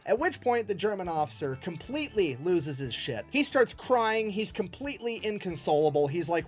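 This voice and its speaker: A man telling a war story as comedy, irreverent and full of swearing, slipping into quick put-on voices for the people in it. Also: high voice, lively intonation, soft background music. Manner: profane, irreverent, jokey retelling with quick put-on quote voices. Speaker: history storyteller. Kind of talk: comedic history narration.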